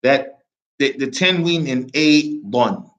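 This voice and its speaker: A man with an American accent teaching an Arabic lesson to a small class, lively and often checking that everyone follows. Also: medium pitch, takes it slowly, rough recording. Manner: lively, mixes English with Arabic reading, checks understanding often.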